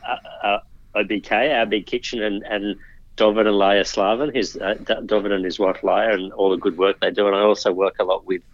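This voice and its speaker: A man, a politician guest, talking in a measured way with frequent restarts in a casual interview. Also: lowish voice, little pitch movement, no echo, muffled recording. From Australia.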